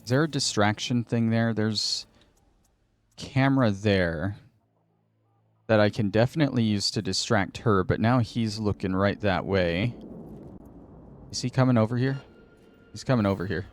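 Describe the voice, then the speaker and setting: A man's voice: fairly low pitch, moderate pace, long pauses. A man hosting a gaming channel, thinking aloud and muttering to himself in casual commentary while he plays.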